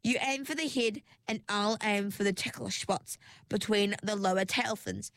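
A woman voicing a calm, self-assured young mermaid who speaks in a composed, cool manner in a storybook reading. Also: mid-range voice, normal speed, dry recording, studio quality, close to an everyday voice.

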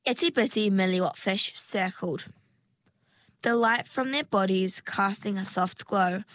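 A woman reading a children's storybook aloud in a calm, measured way. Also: medium pitch, no room sound. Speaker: reader. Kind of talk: storybook narration.

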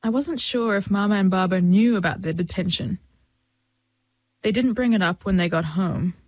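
A woman reading a first-person story as an audiobook, in a measured storytelling manner and close to the mic. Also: mid-range voice, no echo. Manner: measured storytelling, voicing family and friends in dialogue. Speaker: audiobook narrator.

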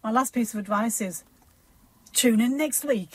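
Husky-voiced woman hosting a chatty podcast. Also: fairly high pitch, takes it slowly. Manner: laughing, self-deprecating, chatty. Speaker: podcast host. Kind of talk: casual chat.

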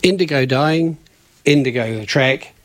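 A man's voice: medium pitch, unhurried, no room sound. Chatty New radio host man. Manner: rambling and self-correcting, chuckling at himself. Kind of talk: casual radio chat reading event notices.

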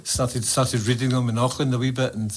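Glaswegian man, poet guest, mid-pitched, jokey and rambling, Scots words. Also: flat delivery, brisk. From Scotland. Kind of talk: casual chat and poetry reading.

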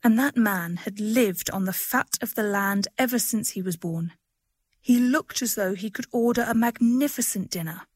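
A woman reading a short story aloud in a gentle, expressive storytelling manner. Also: medium pitch, normal speed, no echo, clean studio sound. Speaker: reader. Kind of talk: audiobook narration.

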